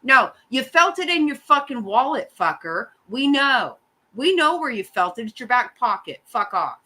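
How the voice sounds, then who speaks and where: Middle-aged lady ranting and cussing, bright voice, pitch all over the place. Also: sing-song, moderate pace, low-quality recording. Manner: blunt, profane ranting. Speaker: host. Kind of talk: casual chat.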